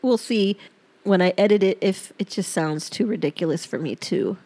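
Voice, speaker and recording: A middle-aged woman hosts a personal podcast and reads from her own journal, her voice pitched in the ordinary middle. She speaks in an open, reflective way, pausing and restarting as she goes. She is choked up and close to tears. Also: mellow. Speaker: podcast host.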